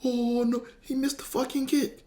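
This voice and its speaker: Screaming overexcited dad. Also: male voice, very high-pitched, little pitch movement, normal speed, dark tone, pitched above the performer's own voice. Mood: shrill dismay. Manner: frantic screaming, repeating himself. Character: excited middle-aged dad yelling at a football game.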